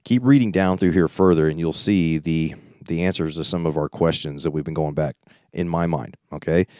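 A man leads a Bible study, reading scripture aloud and pausing often to comment in a loose, conversational way. His voice sits very low and mellow, with a dry, close sound. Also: no room sound. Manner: reads scripture aloud then comments informally; conversational, with frequent restarts and asides. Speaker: preacher.

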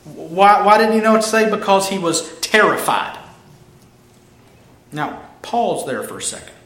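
A man's voice: high-pitched, very animated, measured pace, fairly bright tone. A man preaching a casual, humorous sermon, telling the story animatedly and acting out the characters. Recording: roomy echo.

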